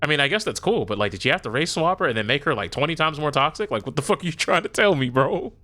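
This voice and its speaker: A man with a bright, forward voice gives his opinions on a podcast. His pitch swings widely as he talks, and he speaks emphatically and directly to the audience. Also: expressive, fast. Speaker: podcast co-host. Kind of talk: casual chat.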